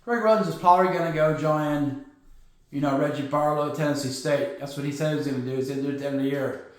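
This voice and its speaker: A man hosting a sports podcast, talking casually in an animated, sarcastic, joking way. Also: fairly high pitch, quick pace. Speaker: podcast host. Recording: very echoey room.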